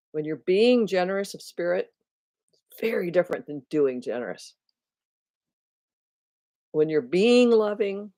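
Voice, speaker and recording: A woman's voice: sits low, dark tone, dry recording. A woman hosting her own videos on spirituality, talking casually and reflectively to her viewers, thinking aloud with restarts and often laughing at herself. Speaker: spiritual teacher and video host.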